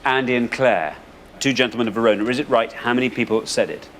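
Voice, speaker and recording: A man with an English accent hosting a quiz show, brisk and upbeat, building suspense before each reveal. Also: medium pitch, fairly bright tone. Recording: studio audience and background noise.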